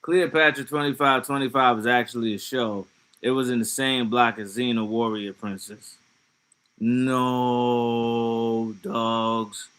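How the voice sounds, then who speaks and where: A man chatting casually on a livestream, reacting to comments with loose, profane talk and laughing asides. His voice sits at an ordinary pitch for a man with a bright, edgy timbre. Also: steady tone, normal speed.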